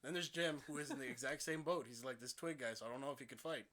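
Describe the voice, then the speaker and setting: A man's voice: medium pitch, fast talker, a bit bright. A young man co-hosting a casual gaming podcast, telling a story with frequent laughter and swearing. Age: young adult. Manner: laughs often while telling stories, swears. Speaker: podcast co-host.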